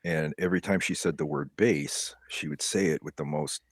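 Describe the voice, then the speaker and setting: Male player with a very low, husky voice, lively storyteller, dry close mic. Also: moderate pace, no echo. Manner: animated anecdote-telling, mimics voices. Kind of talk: casual chat, storytelling.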